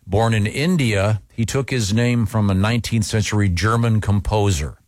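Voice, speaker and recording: A man's voice: fairly low pitch, moderate pace, a little mellow, no echo, studio quality. A male host chatting casually and rambling a little as he talks. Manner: easygoing, rambling. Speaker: radio show host. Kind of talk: casual chat.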